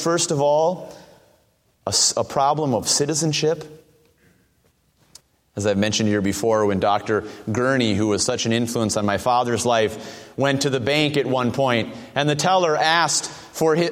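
A man preaching a sermon, asking earnest rhetorical questions and reading scripture slowly. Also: mid-range voice, long reverb tail.

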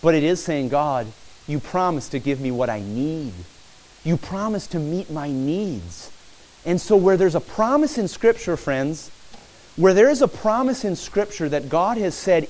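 Guy preaching a sermon, earnest, keeps saying friends, kinda high voice. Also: normal speed, a little mellow, poor audio. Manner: earnest, repetitive preaching, addresses listeners as friends. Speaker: pastor.

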